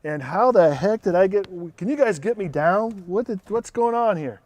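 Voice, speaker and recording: A man's voice: high voice, expressive, moderate pace, a little mellow. A man hosting a car show, laughing at his own flubbed lines and joking through the takes. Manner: jokey, laughing at own flubs. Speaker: host. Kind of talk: casual show hosting with bloopers.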